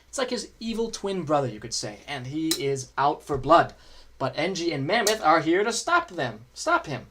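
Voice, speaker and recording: A man's voice: fairly high pitch, very animated, moderate pace, pushed and bright, slight background noise. A man streaming a video game, chatting and joking casually as he plays and answers chat. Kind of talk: casual gameplay commentary.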